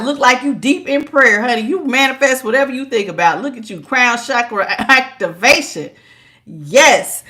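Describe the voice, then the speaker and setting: A woman's voice: fairly high pitch, normal speed. A woman giving a live-streamed tarot reading in a chatty, teasing way. She laughs often and calls her listeners child and honey. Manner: lively, teasing, talks straight to viewers. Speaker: tarot reader.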